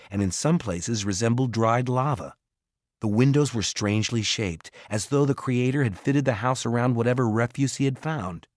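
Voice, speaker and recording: Low-voiced male audiobook narrator. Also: no echo, clean studio sound. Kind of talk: scripted narration.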